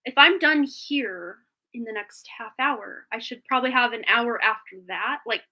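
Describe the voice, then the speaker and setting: Bright-voiced chatty woman. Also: a little high, moderate pace. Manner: chatty, rambling, laughs often. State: slightly phlegmy after being sick. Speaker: tarot reader on a live stream. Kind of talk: casual live-stream chat.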